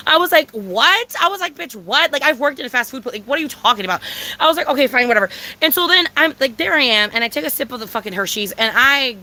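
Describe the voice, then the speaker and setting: A young vlogger with a Mexican Spanish accent delivers a profane, dramatic storytime rant, her voice pushed and bright. Whenever she quotes herself she leaps into high squeals, and the recording is rough.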